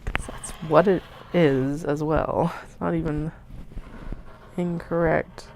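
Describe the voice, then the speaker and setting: A woman hosting a craft livestream, chatting casually and muttering soft half-whispered asides to herself while she cuts fabric. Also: deep voice, steady tone, slow, creaky, slight background noise.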